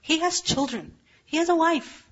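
A woman's voice: extremely high pitch, normal speed. A woman teaching a religious lesson, explaining step by step and asking rhetorical questions. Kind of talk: explanatory lecture. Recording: dull lo-fi recording.

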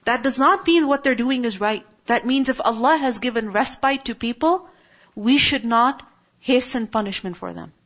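A woman in her thirties teaching an Islamic class in a calm, conversational way, often checking in with her listeners. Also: a little high, moderate pace. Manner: calm, conversational, many tag questions. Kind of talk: religious class talk. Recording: dull lo-fi recording.

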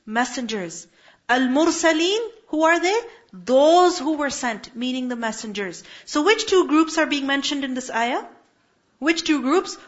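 A high-voiced woman teaches a Quran lesson, breaking each Arabic word down and pressing her points with rhetorical questions. The recording is a little muffled and lo-fi. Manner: explains Arabic words step by step with rhetorical questions. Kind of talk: religious lesson on Quranic verses.

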